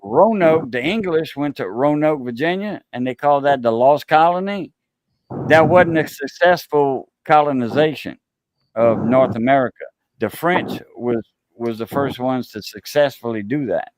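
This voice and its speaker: A man's voice: mid-range voice, background noise. Rambling Cajun man telling stories. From South Louisiana. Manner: rambling storyteller, halting with many fillers and restarts. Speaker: host. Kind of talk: casual chat.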